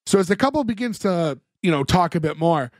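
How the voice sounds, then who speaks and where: A man's voice: high voice, animated, brisk, no room sound, studio quality. A man co-hosting a podcast, recapping a TV episode in casual chat with lots of fillers, acting out the characters' lines as he goes. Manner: rambling, many fillers, acts out characters' lines. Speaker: podcast co-host.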